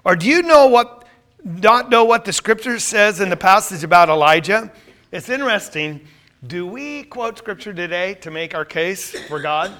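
A man's voice: high-pitched, bright, forceful tone. A man teaching a Bible class, quizzing his listeners with questions and then answering them himself.

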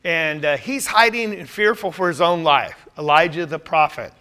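A man's voice: fairly high pitch, moderate pace, pushed and bright, clear, resonant tone. A man teaching a Bible class, quizzing his listeners with questions and then answering them himself.

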